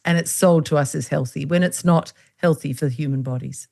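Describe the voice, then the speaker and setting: A woman interview host with a low voice for a woman. She speaks emphatically and turns to address her viewers directly, with an indignant edge to her words. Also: brisk, gravelly, darkish tone. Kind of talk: conversational interview.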